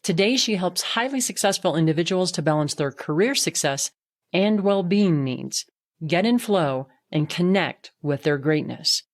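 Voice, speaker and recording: A woman's voice: fairly low pitch, expressive, moderate pace. Encouraging woman podcast host. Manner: enthusiastic, encouraging. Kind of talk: interview hosting.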